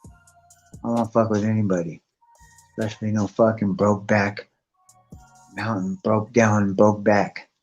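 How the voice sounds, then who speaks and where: A man's voice: fairly low pitch, level tone, normal speed, pauses often, darkish tone. A man chatting on a live stream, rambling and swearing constantly. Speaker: guest on a live stream chat. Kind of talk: casual rambling chat. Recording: muffled lo-fi stream audio with faint music.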